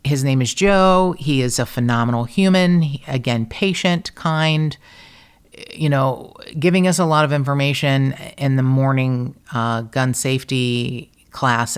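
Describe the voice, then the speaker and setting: A middle-aged American woman, a podcast host, telling a story in a casual, animated, profane and self-mocking way. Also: rumbling low, smooth.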